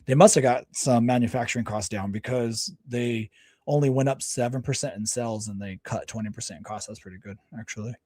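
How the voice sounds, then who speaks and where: A man's voice: mid-range voice, a little fast, mellow, husky, no echo, clean studio sound. A man hosting a casual livestream, reading articles aloud and stopping often to reread and correct himself. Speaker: livestream host.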